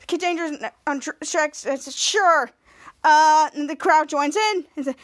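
This woman's podcast retelling of a TV episode wanders loosely, full of repetition, especially of "somehow" and "cut to." Her voice is high-pitched and she doesn't rush.

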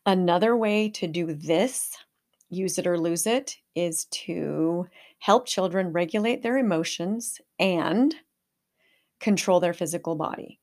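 An older woman hosting a parenting podcast, speaking calmly in a coaching tone. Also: fairly low pitch, a little slow. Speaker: podcast host.

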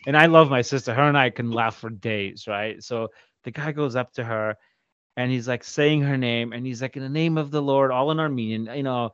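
A man's voice: medium pitch, moderate pace, fairly bright tone, dry recording, highs cut off. A man co-hosting a podcast, telling a story in casual chat, swearing freely and acting out quotes in voices. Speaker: podcast co-host.

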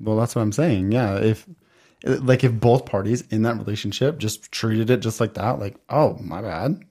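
A man's voice: lowish voice, moderate pace, mellow. A man co-hosting a podcast, talking earnestly in casual chat, posing questions and swearing casually. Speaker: podcast co-host.

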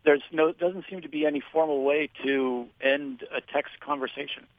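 A man's voice: on the high side, steady tone, normal speed, dry recording. A man calling in to a radio show, speaking hesitantly over a phone line. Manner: hesitant, with restarts and "uh"s. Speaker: caller. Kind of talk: casual chat.

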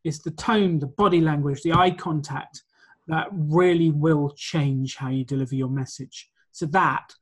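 Interviewed conversationally about coaching people on presentations, this man sets out his ideas confidently and in order. His pitch is fairly high, his pace measured, and his voice slightly rough.

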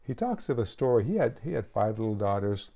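A man's voice: fairly low pitch, very animated, brisk, vocal fry, warm tone. A man who is a pastor, preaching a sermon with an earnest, pleading call and frequent restarts.

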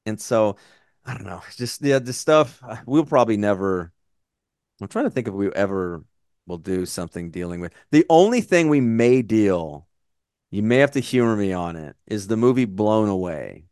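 A man's voice: lowish voice, animated, normal speed, a little mellow, clear, resonant tone, no room sound, clean studio sound. An American man in his forties, co-hosting a podcast in a casual, rambling chat full of swearing and tangents. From United States. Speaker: podcast co-host.

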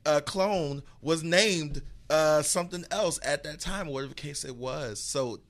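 A man on a podcast panel explaining his view in a calm, preacherly way. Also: fairly high pitch, a little slow. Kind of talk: casual round-table chat.

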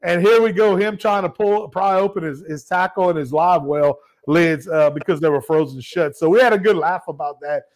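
Man, podcast host, animated storyteller, slightly high voice. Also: normal speed, few pauses. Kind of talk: casual storytelling chat.

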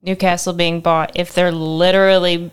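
A woman co-hosting a podcast in casual chat, giggly and halting as she asks questions. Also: lowish voice, level tone, smooth. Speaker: podcast producer and co-host.

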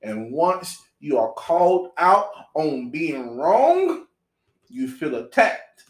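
A man in a casual podcast chat, making his points slowly and deliberately, like a preacher. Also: a little high, big pitch swings. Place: apartment room. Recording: echoey room.

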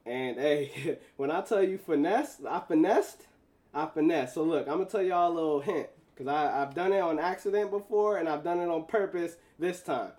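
A high-voiced man speaks to his audience in a casual monologue, spinning a personal story. His delivery is animated and full of slang, with easy laughter along the way. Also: moderate pace, few pauses. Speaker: vlogger telling a story.

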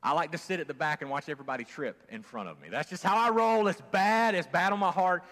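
A male pastor preaching a conversational sermon, moving from loud emphasis to quiet asides, with fillers and restarts. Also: a little high, very animated, fast talker, hardly any pauses. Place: church sanctuary. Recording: long church hall reverb.

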